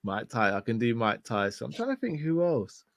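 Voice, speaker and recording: A man's voice: medium pitch, sing-song, moderate pace, no room sound. A young man, a laid-back co-host bantering in casual slang about football.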